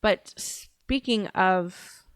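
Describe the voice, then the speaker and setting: Woman livestream host, rambling and tangential, casual swearing, smooth voice in a dry, close sound. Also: medium pitch, extremely slow, no room sound. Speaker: show host.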